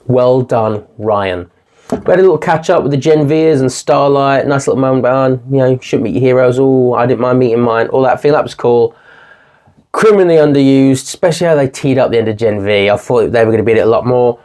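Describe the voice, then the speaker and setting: A young man talks through a TV finale in a chatty, excitable way and laughs often. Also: medium pitch, a little fast. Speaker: TV series reviewer. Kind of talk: casual video review.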